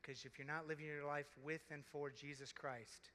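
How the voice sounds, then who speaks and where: A man preaching as a deacon at a youth conference, impassioned with dramatic pauses. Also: on the high side, flat delivery, bright, forceful tone, slight background noise. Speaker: deacon and keynote speaker. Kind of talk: sermon. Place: large conference arena. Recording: big hall reverb.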